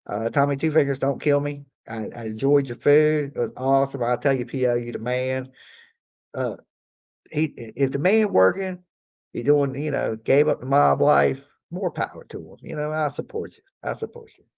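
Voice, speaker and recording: A man's voice: mid-range voice, normal speed, creaky, darkish tone, highs cut off. A man telling a story on a late-night livestream in a casual, profane, rambling way, leaning on "like" and repeating himself. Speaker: livestream host. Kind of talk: casual live-stream storytelling.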